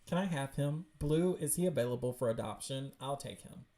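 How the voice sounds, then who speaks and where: A woman hosting a livestream, chatting excitedly and cutting in with quick asides while reading webcomics. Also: very deep voice, roomy sound. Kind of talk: casual livestream chat.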